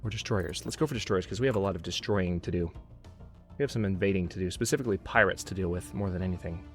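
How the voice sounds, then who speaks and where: A man's voice: low voice, fast, soft background music. A man hosting a gameplay video, commenting as he plays and growing exasperated, talking to himself. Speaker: let's play host.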